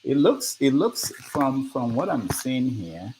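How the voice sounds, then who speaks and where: A man's voice: mid-range voice, very animated, slow, a little mellow, breathy edge, low-quality recording. A man hosting a casual live discussion who laughs often and reads out results as they come in. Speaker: host. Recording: faint background noise.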